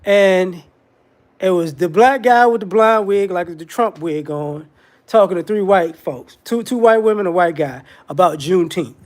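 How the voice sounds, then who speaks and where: High-voiced man ranting casually. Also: normal speed. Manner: rambling, repetitive restarts, animated. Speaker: commentator. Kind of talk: casual commentary monologue.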